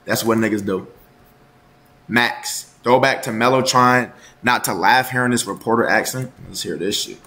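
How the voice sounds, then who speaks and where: A man's voice: medium pitch, normal speed. Roomy, rambling, profane male streamer. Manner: loud, profane, joking, rambling. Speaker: livestreamer. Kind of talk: casual livestream chat. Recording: roomy echo.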